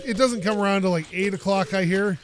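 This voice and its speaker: High-voiced excitable gamer man. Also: a little fast. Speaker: let's play host. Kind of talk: casual gameplay commentary. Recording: game engine noise under voice.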